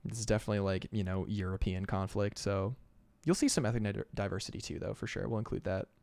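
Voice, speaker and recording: A man's voice: fairly low pitch, fast, gravelly, darkish tone, dry recording. A man chatting casually on an art livestream, upbeat and chatty, laughing often. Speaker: concept artist streamer.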